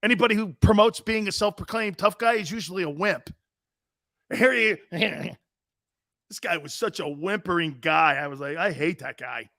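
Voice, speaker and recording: Brash sports-talk host in his fifties, foul-mouthed, high male voice, dry close sound. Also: moderate pace, pushed and bright, dry recording. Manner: brash, profane, mocking.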